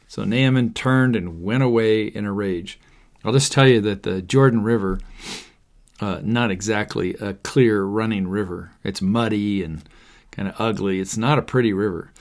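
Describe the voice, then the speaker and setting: A man in an everyday speaking voice reads a Bible story aloud as a teacher. He reads it in a relaxed, conversational way, stopping often to add chatty comments of his own. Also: on the low side, normal speed. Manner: casual, conversational, chatty asides.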